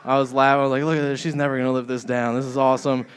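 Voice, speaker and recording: A man's voice: mid-range voice, little pitch movement, racing, a little hiss or hum. A man doing a stand-up comedy set in a club, crude and rambling, often laughing at his own jokes.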